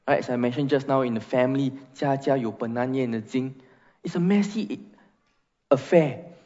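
A man's voice: fairly high pitch, mellow. A man preaching a sermon as pastor, emphatic, reading scripture and leading prayer in a church. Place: church sanctuary. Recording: muffled sound in a reverberant church hall.

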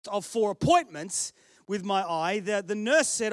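A man's voice: high voice, animated, measured pace, no room sound, studio quality. A man with an Australian accent, a pastor preaching a sermon in a chatty, storytelling way with self-deprecating humour.

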